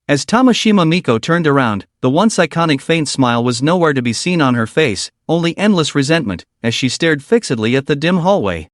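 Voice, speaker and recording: A man giving a scripted first-person narration recapping a fantasy comic in a steady storytelling read. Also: a little high, brisk, hardly any pauses, no echo, studio quality.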